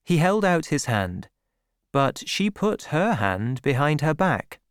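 A man narrating a story, reading slowly and expressively, on a close studio mic. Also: medium pitch, no room sound. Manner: slow, clear, expressive reading. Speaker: audiobook narrator.

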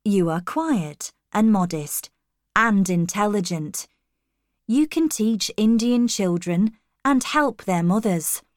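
A woman reading the lines of an earnest, serious young male missionary in a calm, measured way. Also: medium pitch, no room sound, studio quality.

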